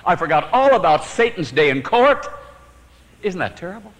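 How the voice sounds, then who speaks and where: A man preaching a sermon, telling his own story with sudden swings from emphatic to hushed and chuckling at his own jokes. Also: high-pitched, very animated, normal speed, big-room sound, rough recording.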